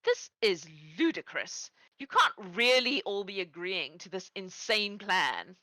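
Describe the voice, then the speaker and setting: A woman's voice: medium pitch, animated, unhurried, sharp tone, no echo, rough recording. A woman voicing Oberon, an arrogant fey king with a gloating, mocking way of talking. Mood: indignant.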